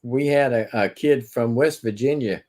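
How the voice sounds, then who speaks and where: A man chatting casually as a regular on a livestream, relaxed, with short agreements. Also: medium pitch, moderate pace. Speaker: regular co-host. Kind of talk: casual chat.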